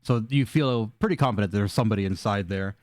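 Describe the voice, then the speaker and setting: A man's voice: on the low side, fast, dry recording. A man running a tabletop game as dungeon master, narrating loosely with fillers and cursing.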